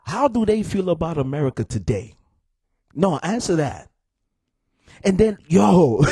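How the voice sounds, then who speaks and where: A man's voice: a little high, big pitch swings, a little slow, pauses often, warm tone, breathy edge, no echo. A young man giving a heated, exasperated live stream rant to his viewers, repeating himself and calling them "y'all". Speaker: political commentator streaming live.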